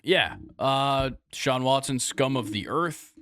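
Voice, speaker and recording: A young man co-hosting a casual sports podcast, laid-back and quick to laugh, trailing off with fillers as he thinks. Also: mid-range voice, fairly bright tone, no echo, studio quality. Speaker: podcast co-host.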